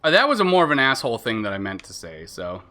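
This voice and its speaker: Bright-voiced, chatty male streamer. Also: medium pitch, wildly swooping pitch, quick pace. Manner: rambling, chatty, lots of fillers and self-interruptions. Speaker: gaming streamer. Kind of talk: casual live-stream commentary.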